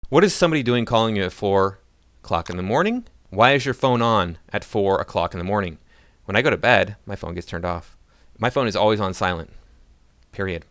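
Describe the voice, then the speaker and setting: A man's voice: on the low side, animated, brisk, a bit bright, dry recording, clean studio sound. A man ranting in sarcastic, mocking political commentary.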